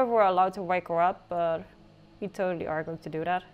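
A woman's voice: fairly low pitch, fairly even intonation, fairly quick, clear, resonant tone, dull audio. Chatty woman narrating a life sim game. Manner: chatty, teasing, playful outbursts. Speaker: gameplay narrator. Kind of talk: casual game commentary. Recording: faint music behind.

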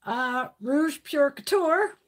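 A woman hosting a casual livestream tells stories bluntly, swearing heavily and laughing often as she talks. Her voice sits high, and she speaks slowly with lively intonation.

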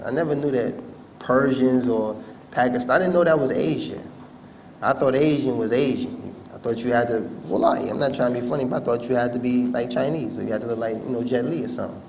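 A man speaking to an audience at a university campus event, telling a personal story in an animated way with slangy asides. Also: mid-range voice, a little hiss or hum.

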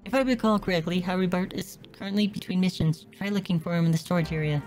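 Calm formal female leader, read by a woman, measured, slightly low voice. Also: natural voice. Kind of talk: reading game dialogue aloud.

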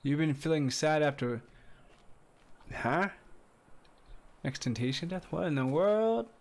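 A man streaming a survival game live, chatting with viewers and reacting excitedly as he plays. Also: slow. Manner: excitable, chatty, greets viewers, bursts into high squeals and laughs. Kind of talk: casual live-stream commentary. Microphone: desk condenser mic.

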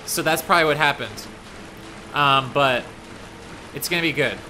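Excitable young man streaming a game. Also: on the high side, normal speed, a little hiss or hum. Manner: excitable, chatty, panicky outbursts. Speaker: gaming streamer. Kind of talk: live gameplay commentary. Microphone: desk microphone.

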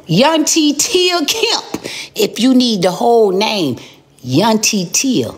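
A woman hosting a live stream, roasting the person on the phone in a sassy, scolding way with drawn-out emphasis. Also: a little high, big pitch swings, slightly rough. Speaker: live-stream host making prank calls. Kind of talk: brash comic phone roasting.

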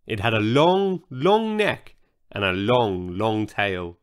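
Slow, animated male storyteller. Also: fairly low pitch, clean tone. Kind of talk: scripted children's story narration.

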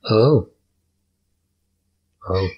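A man's voice: lowish voice, very slow, highs cut off, a little hiss or hum. A man narrating comedic movie recaps in a crude, profane, sarcastic way, often breaking into silly voices.

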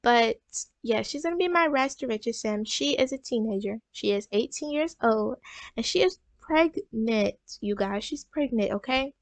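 A woman's voice: on the high side, lively intonation, normal speed, no room sound. A woman hosting a gaming channel, telling her game's story in a rambling, casual way full of fillers. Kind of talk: casual let's-play narration.

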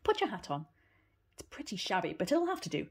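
Woman voicing impatient aunt, storybook, snappy, firm, coaxing, raised and husky. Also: mid-range voice, huge pitch swings, brisk, full character voice. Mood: brisk. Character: brisk, impatient aunt hurrying a child along.

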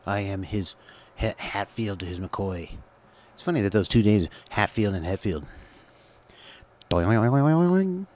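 A solo show host with a deep, darkish voice speaks at a moderate pace in a steady tone. Into a computer call setup, he rambles through a crude, profane, absurd monologue.

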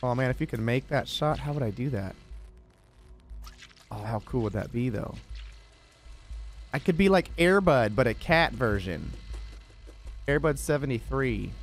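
A young man giving live gameplay commentary as a streamer, with sudden loud excited exclamations between quieter musing. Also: mid-range voice, a little slow, pauses often, faint music behind. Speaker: gaming streamer.

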